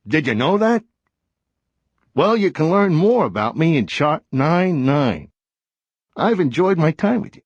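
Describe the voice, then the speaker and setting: A man's voice: on the high side, sing-song, measured pace, long pauses, no room sound, lo-fi sound, exaggerated voice. A man voicing a chatty cartoon word character who is weary of life's duties and talks in a confiding, sighing way in an educational cartoon.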